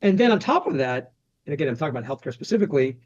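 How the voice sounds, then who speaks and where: A man's voice: fairly high pitch, very animated, racing, a little mellow, lo-fi sound. A man speaking as a private equity guest in a casual interview, talking conversationally and often adding "you know" and "right?".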